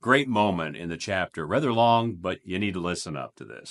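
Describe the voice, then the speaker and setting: Man, devotional host, scripture reading, emphatic, animated pitch. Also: brisk, hardly any pauses. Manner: lively and emphatic, stressing repeated words with a chuckle.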